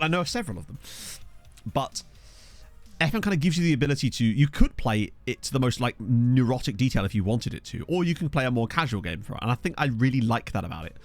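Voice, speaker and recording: Young man, streamer, chatty, thinks out loud, quick, desk mic. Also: mid-range voice, very animated, soft background music. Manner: chatty, thinks aloud, thanks followers. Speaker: streamer playing a football management game. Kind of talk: casual live-stream commentary. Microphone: desk USB microphone.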